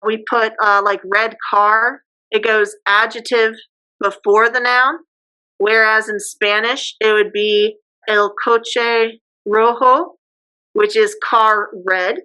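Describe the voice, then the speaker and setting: A woman's voice: a little high, level tone, takes it slowly, sharp tone, clean tone, poor audio. A woman teacher giving a casual classroom lecture, chatty and acting out example phrases.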